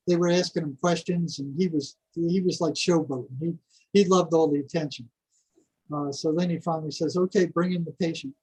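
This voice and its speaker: An older man, a podcast guest, telling stories in a casual, animated way, often repeating words and chuckling. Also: on the high side, husky, low-quality recording. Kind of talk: casual storytelling.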